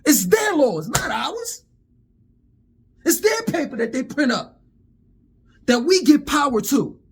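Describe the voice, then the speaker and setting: A man's voice: very high voice, very animated, slow. A man delivering a heated, profane vlog rant, often stammering over repeated words. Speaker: vlogger. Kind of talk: angry monologue rant.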